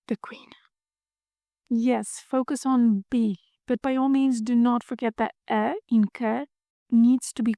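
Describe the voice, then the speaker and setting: A woman giving a playful scripted pronunciation lesson, drilling words slowly and repeating them. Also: on the high side, gravelly, warm tone, dry recording, clean studio sound. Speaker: language teacher.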